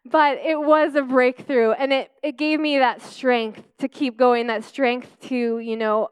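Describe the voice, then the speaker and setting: A woman's voice: high voice, fairly even intonation, a little slow, hardly any pauses, clear, resonant tone, no room sound. A young woman telling a personal testimony in a church talk, heartfelt and conversational with many fillers. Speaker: speaker sharing a testimony in church.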